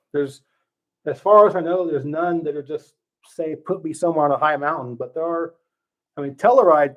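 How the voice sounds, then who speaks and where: Stream host, middle-aged, relaxed ad-lib chat, slightly raised pitch, dull home-mic sound. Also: male voice. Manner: relaxed, thinking aloud with many fillers and restarts. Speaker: livestream host. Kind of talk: casual live Q&A with viewers.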